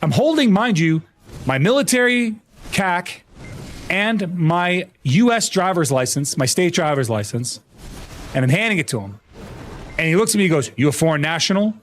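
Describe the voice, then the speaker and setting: A man's voice: high-pitched, normal speed, a little hiss or hum. A young American man chatting casually on a gaming livestream, rambling and profane as he tells stories and greets viewers. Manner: rambling, profane, animated storytelling. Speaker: streamer.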